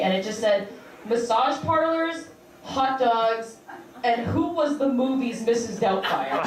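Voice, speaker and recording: A woman performing a stand-up set with wry, deadpan asides. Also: high-pitched. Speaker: stand-up comedian. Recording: echoey stage mic heard from a distance with a loud crowd. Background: audience laughter.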